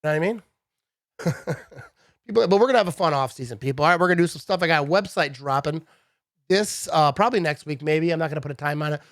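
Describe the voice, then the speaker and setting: A man in his thirties giving a casual, animated sports rant to his viewers, full of "bro" and "dude". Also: a little high, fast, pauses often, no room sound, clean studio sound. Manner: animated, chatty, says "bro" and "dude" a lot. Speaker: sports vlogger.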